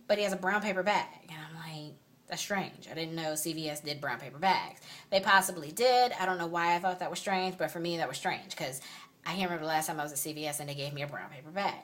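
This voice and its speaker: A woman's voice: fairly low pitch, a bit bright. A woman vlogger telling a story to her phone camera in a sassy, emphatic, indignant way. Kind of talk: casual storytelling vlog.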